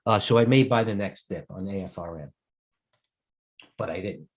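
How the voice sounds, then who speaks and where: A middle-aged man with a fairly low voice, talking through live market commentary as a host. He rambles and digresses, often breaking off to answer viewers' questions. He sounds tired throughout. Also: normal speed. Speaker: host and stock broker.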